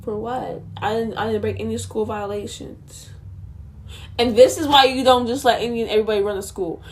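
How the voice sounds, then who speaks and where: A young woman with a high voice tells a storytime vlog to her viewers. She is indignant and sassy, throwing quick asides straight at the audience. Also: fairly even intonation, slight background noise. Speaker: vlogger.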